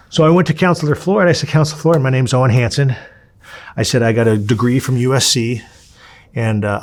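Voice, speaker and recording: A man's voice: medium pitch, vocal fry, slightly rough. A man, telling candid, profane stories and acting out the people he quotes. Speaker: interviewee. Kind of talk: candid storytelling.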